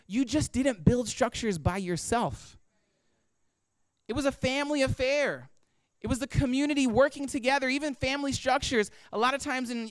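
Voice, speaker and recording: This pastor's voice sits at an extremely high pitch, clean and free of room sound. His sermon is conversational, full of rhetorical questions and acted-out quotes of inner voices.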